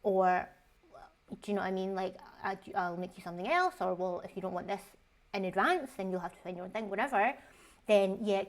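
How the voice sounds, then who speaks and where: A woman's voice: medium pitch, fairly quick. A woman in her usual mid-range voice gives casual reaction commentary on online posts. She is frank and chatty, swears without a second thought and keeps asking rhetorical questions.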